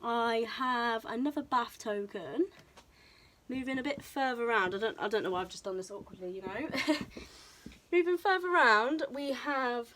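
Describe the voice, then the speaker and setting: A young woman talks casually to her camera, bubbly and chatty, her slightly high voice a little out of breath. She fills pauses with ums as she chats along. The sound comes from a camera on a tripod in a room. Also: a bit bright. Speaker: vlogger. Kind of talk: casual show-and-tell vlog. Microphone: camera mic on tripod, moved around.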